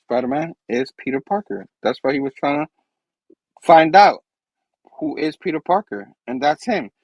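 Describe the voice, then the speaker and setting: A man's voice: fairly high pitch, expressive, moderate pace, breathy edge, no echo, rough recording. A man hosting a casual comic book review chat, enthusiastic and rambling. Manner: enthusiastic, rambling, acts out characters' lines. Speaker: host.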